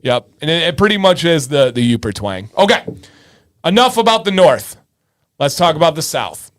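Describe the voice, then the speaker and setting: A man from Michigan in his thirties hosts a casual livestream. He chats loosely and answers viewers by name, and his speaking voice sits slightly high for a man. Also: very animated, moderate pace. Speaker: livestream host. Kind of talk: casual livestream chat reading viewer comments.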